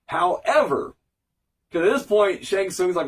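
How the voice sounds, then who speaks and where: Man, high voice, sweary casual reviewer, fighting a cold, mic set back. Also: lively intonation, unhurried, recorded from a distance. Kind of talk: casual episode recap review.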